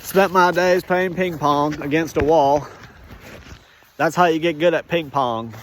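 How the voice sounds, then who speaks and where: A man's voice: on the high side, measured pace, a bit bright, slight background noise. A man talking to the camera while walking an outdoor trail, rambling and joking in a casual walk-and-talk monologue, chuckling to himself, on a handheld phone. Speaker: vlogger. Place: outdoor snowy trail in rural Minnesota.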